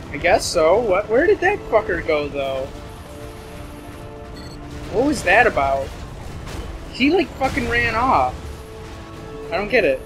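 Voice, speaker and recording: A man giving profane, rambling let's play commentary and getting easily frustrated with the game. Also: fairly high pitch. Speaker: gameplay commentator. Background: game music.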